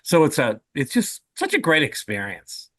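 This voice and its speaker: This sixty-something comedian guest has a slightly high voice and speaks at a moderate pace, with no echo. He's animated and jokey, chatting his way through casual stories.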